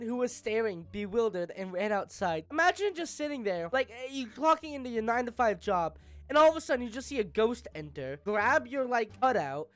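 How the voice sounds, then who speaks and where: A woman playing a text game, reading its lines aloud and adding playful, giggly asides. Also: sits high. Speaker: gamer.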